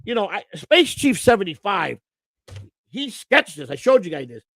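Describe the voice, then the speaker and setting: Brief: male co-host, rambling and boastful, gravelly voice with a dry sound. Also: sits high, very animated, normal speed, a bit bright, dry recording. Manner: rambling, boastful, repeats words. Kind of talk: casual livestream chat.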